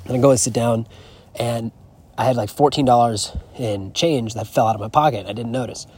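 This travel vlogger has a husky, darkish voice of medium pitch and talks fairly quickly. Out on a horse farm, he delivers a loose, rambling vlog monologue full of profanity and frank storytelling.

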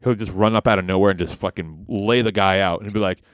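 A man's voice: low voice, fast, dry recording, clean studio sound. A man co-hosting a podcast in casual chat, swearing and laughing often. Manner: animated, swearing, laughing, doing loud impressions. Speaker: podcast co-host.

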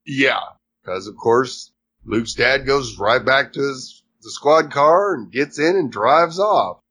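Slow, measured man recapping a show. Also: mid-range voice, animated, fairly bright tone, a little hiss or hum. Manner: slow, measured plot retelling. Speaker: podcast co-host recapping a series. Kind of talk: casual chat.

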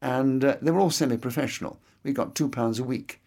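An older man with a Scottish-tinged English accent and clear actor's diction, explaining his views as a guest in an interview. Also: mid-range voice, a little fast, darkish tone. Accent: English with a Scottish inflection.

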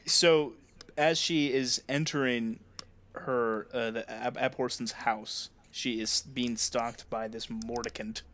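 A man's voice: mid-range voice, steady tone, slow, a bit bright, slight background noise. A young man co-hosting a casual book chat, laid-back and joking. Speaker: book club podcast co-host.

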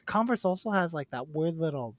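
Excitable co-host acting out thoughts. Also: medium pitch, brisk, no room sound. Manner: excitable, acts out own thoughts in quotes. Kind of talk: casual movie chat.

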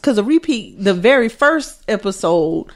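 A woman co-hosting a casual chat show, joining in with quick teasing banter. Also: mid-range voice, sing-song. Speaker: podcast co-host.

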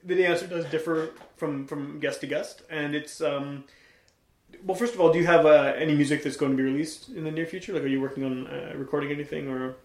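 A male podcast host chatting casually, talking fast and laughing through his sentences. He rambles with lots of restarts. The room around him rings noticeably. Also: on the high side, steady tone, roomy sound. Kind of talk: casual chat.

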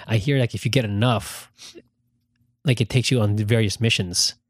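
A man chatting casually as a podcast co-host, an animated storyteller who acts out what people said. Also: on the low side, normal speed, dry recording, clean studio sound. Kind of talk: casual chat.

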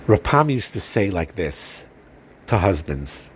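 A man giving an earnest, gentle religious talk on marriage, pausing often fillers and restarts. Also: low-pitched, big pitch swings, slightly rough. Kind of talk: informal religious lecture.

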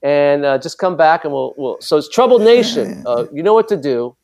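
A man's voice: fairly high pitch, animated, moderate pace, a little mellow. A man co-hosting a podcast, telling rambling stories in casual chat, swearing freely. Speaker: podcast co-host.

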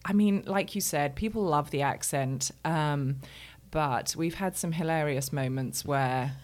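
A woman from London with a low, deep-set voice and a clear London English accent. She talks earnestly as an interview guest, often pausing with ums while she thinks. She sounds middle-aged. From England. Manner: earnest, warm-hearted storytelling with frequent ums. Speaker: pastor and guest. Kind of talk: casual interview conversation.

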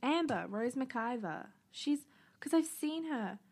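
A young woman, co-hosting a podcast in casual chat, blunt, excitable and quick to swear. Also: high-pitched, husky. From New Zealand. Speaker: podcast co-host.

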